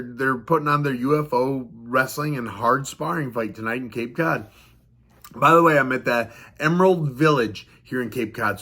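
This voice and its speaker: Here a fighter vlogger speaks in a fairly high, bright, forceful voice with a breathy edge. Out on the road for a fight in the northeastern US, he rambles through a casual story, chuckling often and repeating himself.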